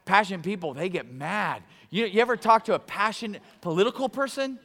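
An excitable man preaching in a church sanctuary. His voice sits high and bright, and a long hall reverb hangs after each phrase. He talks conversationally, bursting into loud enthusiasm. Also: moderate pace. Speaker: pastor. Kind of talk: sermon.

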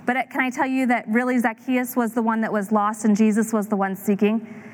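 A woman in her thirties preaching a sermon, telling a story with lively acted-out voices. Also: fairly high pitch, fairly quick. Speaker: pastor.

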